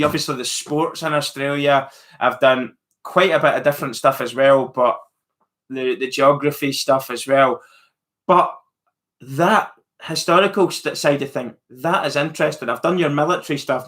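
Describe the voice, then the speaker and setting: Answering viewers' live chat, a Scottish channel host talks in a mid-range, fairly bright voice. His casual musings are peppered with fillers and restarts, in a Scottish accent.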